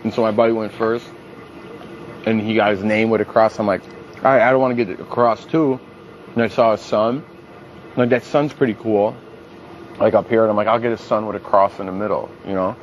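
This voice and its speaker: A young man chatting casually with a group and recounting wild nights out. His tone is crude and lively, and he jumps up in pitch whenever he acts out what someone said. A faint hiss of room noise sits under his voice. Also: brisk, long pauses, muffled recording. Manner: animated, profane, acts out quotes in a raised voice. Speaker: reality show contestant. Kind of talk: casual storytelling.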